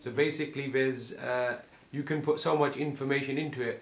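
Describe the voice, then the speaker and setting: A man's voice: mid-range voice, steady tone, fairly quick. A male interviewer asking a long question, thinking aloud and rephrasing it as he goes. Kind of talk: conversational interview. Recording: roomy room with faint noise.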